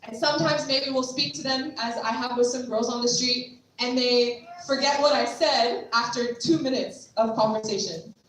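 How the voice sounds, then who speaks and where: High-voiced woman in echoey hall. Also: normal speed, hardly any pauses, fairly bright tone. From United States. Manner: chatty, often acting out quoted dialogue. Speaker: trauma care trainer and street outreach worker. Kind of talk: conversational training talk to a group. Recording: echoey hall from far off, faint noise.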